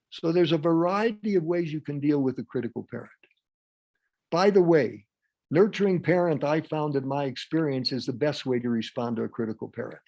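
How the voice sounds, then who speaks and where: A man presenting a live workshop in a quick, lively, humorous way. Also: a little high. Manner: fast, lively, humorous delivery; acts out example dialogues with a raised voice.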